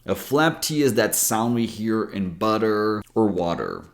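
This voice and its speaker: An American man coaching pronunciation, his voice sitting a little low. He talks slowly and patiently, breaking each sound down step by step as in a video lesson. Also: expressive. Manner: slow, patient explaining.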